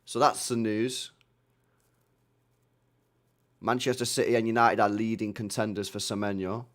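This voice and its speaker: A man's voice: lowish voice, flat delivery, unhurried. A man running a live football reaction stream, blunt and slangy, swearing freely as he reacts to the play.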